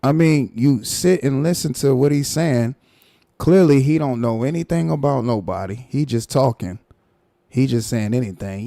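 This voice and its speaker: A man hosting a live stream, ranting in a mocking, animated way and repeating his points. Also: medium pitch, normal speed, gravelly, no echo, clean studio sound. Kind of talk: casual commentary rant.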